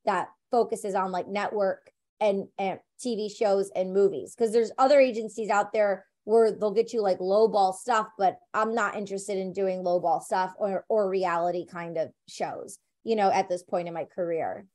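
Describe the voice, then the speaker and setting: A woman actor in an interview, chatting casually and telling lively stories full of "like" and "you know". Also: mid-range voice, moderate pace. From United States. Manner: animated storyteller, many fillers like "like" and "you know".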